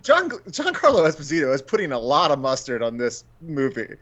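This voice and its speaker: A man with a slightly high voice, talking as a podcast guest on a video call. He chats with enthusiasm and swears freely as he goes. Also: huge pitch swings, fairly quick, a bit bright, dull audio. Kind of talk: casual chat.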